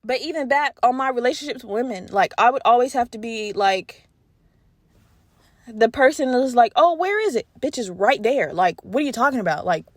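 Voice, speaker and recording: A young woman hosting a casual solo podcast, talking candidly with lots of profanity and animated storytelling. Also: a little high, a little fast, dry recording. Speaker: podcast host.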